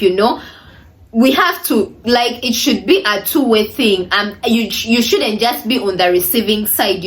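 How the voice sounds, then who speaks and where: A young woman vlogger giving casual, emphatic dating advice straight to her viewers, often saying "you know" and "ladies". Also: medium pitch.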